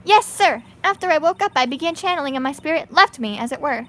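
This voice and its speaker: A woman's voice: sits high, expressive, fast. Woman putting on a bubbly young spirit medium girl. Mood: eager. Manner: eager, pleading, upbeat. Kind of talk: reading game dialogue aloud.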